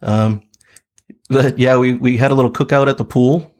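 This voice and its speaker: A man's voice: medium pitch, fairly even intonation, normal speed, darkish tone. A man in his thirties, a podcast co-host, telling a story in a laid-back way, with lots of fillers and laughs. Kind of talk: casual storytelling chat.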